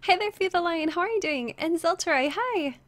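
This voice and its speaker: A woman's voice: very high-pitched, animated, a little fast. A young woman streaming a game, chatting casually with viewers, greeting them by name and reading their chat aloud, her voice a little strained. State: slightly strained voice, resting it. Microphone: headset.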